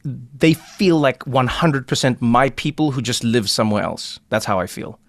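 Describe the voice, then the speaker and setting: A man hosting a casual podcast chat, a playful and animated storyteller who acts out the people he talks about. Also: mid-range voice, normal speed, no echo, clean studio sound. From South Africa. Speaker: podcast host.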